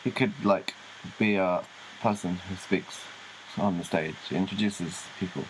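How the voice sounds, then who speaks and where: A man with a fairly low voice co-hosts a relaxed comedy podcast. He talks in an easygoing way and happily riffs along with the jokes. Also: a little hiss or hum, low-quality recording. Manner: easygoing, quick to riff along. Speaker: podcast co-host. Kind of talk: casual comedic chat.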